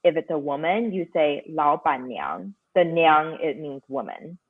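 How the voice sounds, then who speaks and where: A young woman from Taiwan explaining her culture in a casual podcast chat, patient and quick to laugh. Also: sits low, expressive. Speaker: guest teaching culture. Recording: tinny phone-like call audio.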